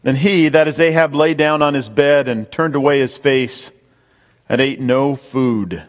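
Emphatic preacher in a reverberant hall. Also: male voice, mid-range voice, fairly even intonation, measured pace. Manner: emphatic, repeats key points, addresses the congregation directly. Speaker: pastor. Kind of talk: sermon.

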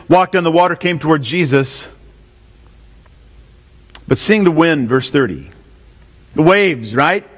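A man preaching an expository sermon. He often asks his listeners questions and repeats his main points. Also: on the high side. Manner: asks the congregation questions, repeats key lines. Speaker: pastor. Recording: long hall reverb.

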